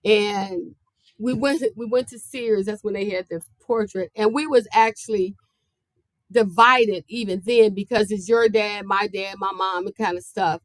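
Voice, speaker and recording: A woman's voice: mid-range voice, fairly even intonation, measured pace, dry recording. A middle-aged woman in a casual podcast, earnest and conversational, telling a personal family story and acting out the lines she quotes. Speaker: podcast host sharing her story.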